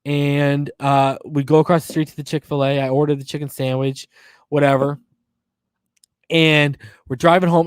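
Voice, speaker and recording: A man in his thirties telling a long personal story on a podcast, animated and slangy with plenty of swearing. His voice sits a bit high for a man. The recording is dry and close, with no room sound. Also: moderate pace, long pauses, no room sound. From northern US. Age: 30s. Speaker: podcast host. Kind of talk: casual storytelling.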